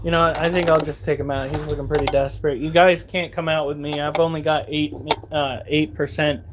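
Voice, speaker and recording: Chatty high-voiced man telling stories. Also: flat delivery, fairly quick, background noise. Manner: chatty, swears freely, acts out quotes. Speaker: vlogger. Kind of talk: casual storytelling to viewers. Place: at home.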